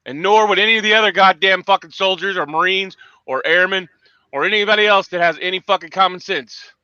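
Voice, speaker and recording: A man hosting a morning livestream, swearing through angry, shouting tirades. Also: sits high, fairly quick, smooth, dry recording, dull audio. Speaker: host. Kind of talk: profane morning livestream rant.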